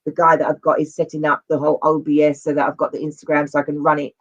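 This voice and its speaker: A man's voice: fairly high pitch, completely flat delivery, very fast. A man speaking as an interview guest on men's mental health, earnest and rambling, often repeating himself. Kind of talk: casual conversational interview. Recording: dull lo-fi audio.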